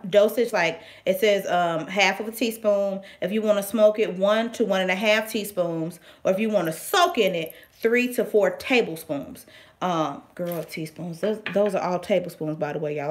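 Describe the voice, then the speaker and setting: A woman, chatting casually and excitedly through a product unboxing, with playful slang and sudden whispered asides. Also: medium pitch. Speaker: vlogger reviewing products.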